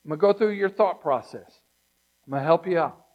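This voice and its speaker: A man preaching a sermon as pastor, talking to his church in a conversational, emphatic way that swings from loud to hushed. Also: fairly high pitch, fairly quick, narrow, tinny audio.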